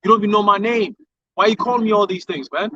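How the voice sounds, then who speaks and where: A man's voice: high-pitched, fast talker. A man in a casual group talk, telling crude stories and acting out what others say. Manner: crude, animated storytelling that acts out quotes. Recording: distant dull mic.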